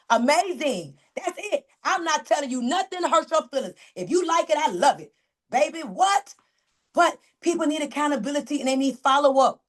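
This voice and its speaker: High-voiced animated woman coaching her team. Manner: animated, preachy, calls out team members by name. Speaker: network marketing coach. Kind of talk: motivational training call.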